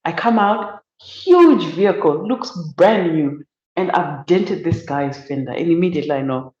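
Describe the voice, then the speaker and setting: Animated woman telling a story. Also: on the low side, normal speed, reverberant, highs cut off. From Zimbabwe. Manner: animated, acts out quoted voices. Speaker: academic guest. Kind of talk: conversational storytelling.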